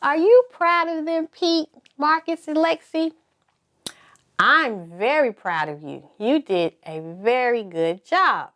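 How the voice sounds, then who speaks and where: Slow, lively-voiced woman teaching young children. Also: sits high. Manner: encouraging, asks children to repeat words. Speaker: preschool teacher.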